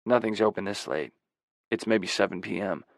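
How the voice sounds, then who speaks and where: A male narrator voicing a huge, calm stranger in plaid who speaks in short, steady words with a deep, slightly growly voice. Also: moderate pace, gravelly, dry recording. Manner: terse and steady. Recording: dry close audiobook recording.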